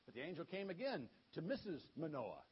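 A man delivers a children's story sermon in a folksy, informal retelling. His voice is high and very lively in pitch. The recording sounds dull and lo-fi. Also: brisk, breathy edge.

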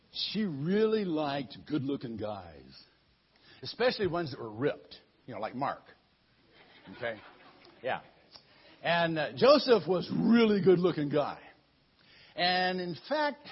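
A man's voice: sits high, slightly rough. A man telling a Bible story to children in a playful, chatty storytelling manner, in a muffled lo-fi recording. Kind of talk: animated storytelling sermon.

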